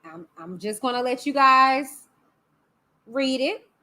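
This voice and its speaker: Sassy high-voiced woman streamer. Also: lively intonation, takes it slowly, bright, forceful tone. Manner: sassy, chatty, talks back to chat. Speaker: YouTube host. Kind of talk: casual live-stream commentary.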